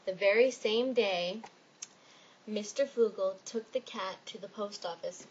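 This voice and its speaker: A woman reading a children's story aloud in an expressive storytelling manner. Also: mid-range voice, normal speed, slightly rough, dull audio. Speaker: reader.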